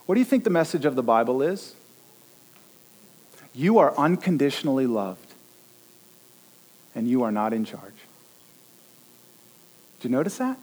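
A middle-aged man preaching a sermon, telling stories with lively, animated delivery and acting out bits of dialogue. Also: medium pitch, measured pace, long pauses. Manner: animated storytelling, acts out dialogue. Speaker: pastor.

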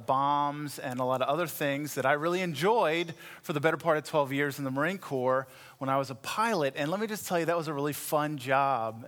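Middle-aged guy preaching, slightly high voice, jokey and animated, acts out the people in his stories. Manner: animated storytelling, acts out quoted voices with rising pitch; wry, self-deprecating humor. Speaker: pastor. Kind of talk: sermon.

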